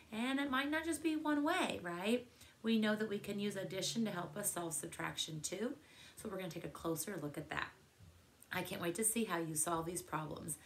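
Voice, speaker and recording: A woman's voice: medium pitch, fairly bright tone. A woman teaches a math lesson to second graders. She talks in an encouraging way and keeps asking the class questions as she works through a problem. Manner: encouraging, asks many questions.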